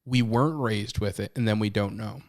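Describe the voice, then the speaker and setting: Guy on a podcast, talks openly and animated, gets loud then quiet. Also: lowish voice, brisk. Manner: candid and animated, shifting between loud and hushed. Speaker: podcast co-host. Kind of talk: casual chat.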